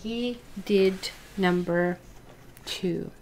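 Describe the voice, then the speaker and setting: A woman's voice: mid-range voice, drawn-out words, heavy background noise. A woman giving a casual tarot reading, talking straight to her viewers in a chatty way. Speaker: tarot reader.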